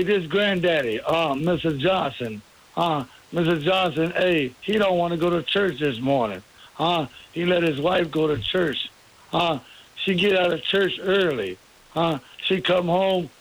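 A man's voice: fairly high pitch, poor audio. A man calling into a radio show to tell a rambling joke in a casual, colloquial way. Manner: rambling, repeats phrases, colloquial. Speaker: caller. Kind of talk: telling a joke on a call-in show.

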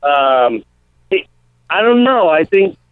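A comedian in a casual radio interview, telling animated stories and acting out quotes. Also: male voice, a little high, takes it slowly, clean tone, dry recording. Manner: animated storytelling, acts out quotes. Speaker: comedian guest. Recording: tinny phone-line sound.

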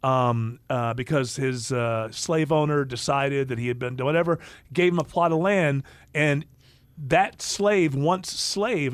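A man's voice: fairly high pitch, no room sound. A man hosting a casual podcast chat, talking in a rambling way with many restarts. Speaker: podcast host.

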